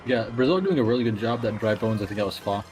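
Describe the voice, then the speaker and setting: A male co-commentator with a fairly low voice, offering casual, quick analysis of a racing match. Faint music plays behind him. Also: expressive, a little mellow, low-quality recording. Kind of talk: esports color commentary.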